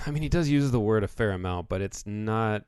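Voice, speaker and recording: A man's voice: fairly low pitch, expressive, moderate pace, darkish tone, clean tone, no echo, studio quality. A man co-hosting a podcast in casual chat, explaining in a laid-back way with the odd swear word. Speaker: podcast co-host.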